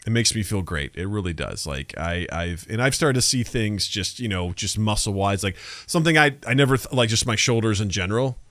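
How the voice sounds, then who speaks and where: In a fairly low voice, this thirties-aged podcast co-host talks fairly quickly with few pauses, animatedly spinning stories in casual conversation and performing the voices of those he quotes. There's no echo on the recording.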